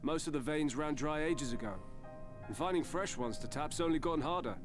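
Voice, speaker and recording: A grave male villager, voiced by a man in a fantasy game, speaking in a measured, somber tone. His voice sits in a middle range, with game music clearly audible behind him. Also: on the high side, close to an everyday voice. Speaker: game character.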